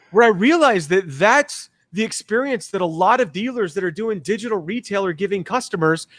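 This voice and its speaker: Energetic man, high voice, dry close sound, lively storytelling. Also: no room sound. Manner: energetic, fast-talking, acts out voices in anecdotes. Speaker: guest. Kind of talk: casual storytelling in a talk.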